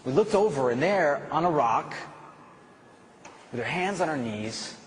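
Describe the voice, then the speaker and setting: A man giving a live motivational talk, telling a story with animated delivery. He drops low and quiet for the key points. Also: measured pace, a crowd in the background. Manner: animated storytelling, climbing to emphatic shouting. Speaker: motivational speaker.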